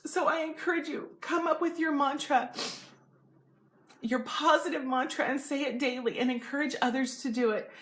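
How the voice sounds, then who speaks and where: A woman hosting an inspirational video, speaking gently and earnestly to viewers. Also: high voice, fairly even intonation, moderate pace. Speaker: motivational video host. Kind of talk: heartfelt direct-to-camera encouragement.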